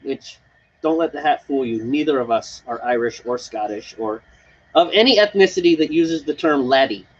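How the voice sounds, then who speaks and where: A man's voice: medium pitch, expressive, normal speed, slight background noise. Guy rambling on a porch brew stream, laughs a lot, kinda muffled audio. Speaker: homebrew show co-host. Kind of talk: casual live-stream chat. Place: front porch patio, outdoors.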